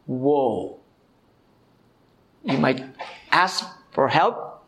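A man preaching a sermon, calling his listeners friends, his voice swooping high and low and stretching words for emphasis. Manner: expressive, swoops between high and low pitch, drawn-out emphasis; reads quotes aloud and addresses listeners as friends.

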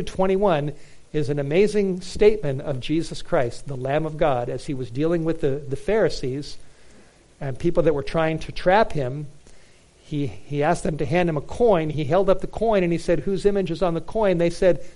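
Earnest male preacher, slightly high voice. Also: mellow. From United States. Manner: earnest, emphatic, with restarts and fillers. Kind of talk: sermon on Bible prophecy.

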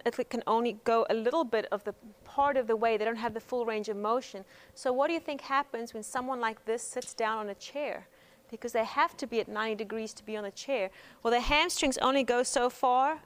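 A woman teaching hands-on pain management in a gentle, conversational way, telling stories from her practice. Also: a little high. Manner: gentle, conversational, frequent um fillers. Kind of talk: instructional talk with personal stories.

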